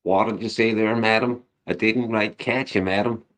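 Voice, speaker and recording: A man's voice: lowish voice, fairly even intonation, moderate pace, fairly bright tone. A man, chatting casually and cracking cheeky, crude jokes. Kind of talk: casual chat.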